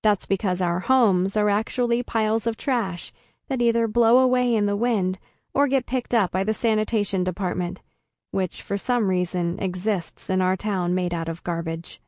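A woman reading a first-person story aloud in a deadpan comic way. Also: mid-range voice, normal speed, no room sound, clean studio sound. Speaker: narrator. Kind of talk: first-person audiobook narration.

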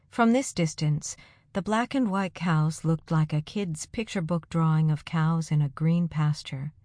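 A woman narrating a first-person audiobook in an even storytelling delivery. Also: deep voice, no room sound. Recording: dry close studio sound.

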